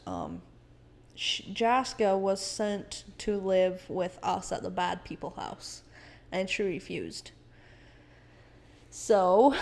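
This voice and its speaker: A young woman, a podcast guest, telling a personal story in a casual, animated way, often quoting others and swearing. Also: mid-range voice.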